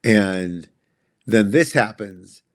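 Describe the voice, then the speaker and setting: Low halting man, dry studio sound. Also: lively intonation, no room sound. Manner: halting, restarts often, reflective. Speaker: guest comic writer. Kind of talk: casual podcast conversation.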